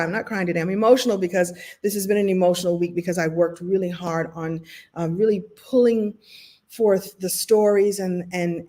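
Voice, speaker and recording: A woman from Brooklyn, New York, giving a motivational livestream talk as a speaker and coach. She tells stories in an emotional, animated way and laughs often. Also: on the low side.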